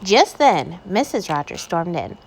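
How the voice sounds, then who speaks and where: A woman reading a children's picture book aloud, with gentle storytelling. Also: lowish voice, big pitch swings, unhurried, vocal fry, husky. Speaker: reader.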